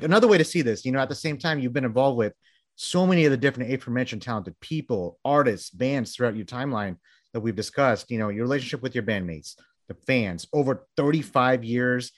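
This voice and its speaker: A man hosts a podcast with eager enthusiasm, stringing together long, winding questions for his guest. His pitch sits in an ordinary middle range, and the recording is dry and close. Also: no echo. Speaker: podcast host. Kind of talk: casual interview chat.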